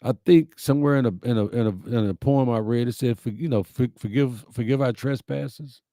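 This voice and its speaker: In clean studio-quality audio without echo, a middle-aged man speaks a bit fast in a mellow, medium-pitched voice. Hosting a livestreamed message show, he reads viewers' comments and replies with folksy, heartfelt, preacherly warmth.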